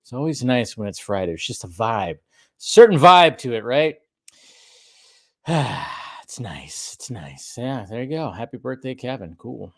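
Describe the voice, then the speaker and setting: A man talks in a loose, rambling way as he hosts a casual live stream from home, greeting people in the chat by name. His pitch sits in an ordinary middle range, and the sound is dry and close, with little room echo. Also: expressive, measured pace, gravelly. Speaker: host of a live drinking stream. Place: home room with a pub table.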